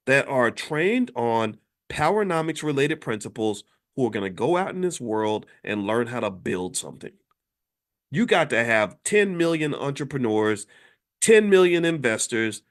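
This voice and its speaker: A man's voice: a little high, fairly bright tone. A man hosting a podcast who delivers a fiery, preachy monologue packed with rhetorical questions. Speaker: podcast host and finance professor.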